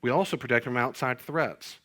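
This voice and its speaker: A man's voice: mid-range voice, a little fast, a bit bright. A middle-aged male pastor chatting casually about parenting, rambling through stories and jokes at his own expense. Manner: rambling storyteller, jokes self-deprecatingly. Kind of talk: casual podcast chat on parenting.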